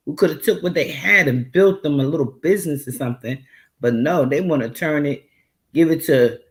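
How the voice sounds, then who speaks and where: A woman's voice: fairly low pitch, rough recording. A woman hosting a reaction video, making sarcastic, mocking comments on clips. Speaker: commentary host.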